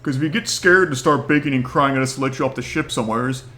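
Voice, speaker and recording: A man as a mocking gruff pirate deckhand. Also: medium pitch, fast, bright, forceful tone, natural voice. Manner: mocking, tough talk.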